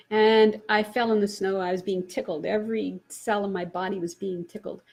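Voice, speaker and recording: A woman's voice: medium pitch, steady tone, normal speed, darkish tone. A woman, a spiritual teacher, telling a personal story and laughing often as she retells it.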